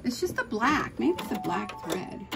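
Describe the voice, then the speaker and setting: A woman's voice: on the high side, sing-song, normal speed, creaky. A middle-aged woman hosting a casual embroidery tutorial from her home sewing room, chatting and thinking aloud as she works. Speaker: sewing channel host. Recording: noisy home recording with machine hum. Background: sewing machine running.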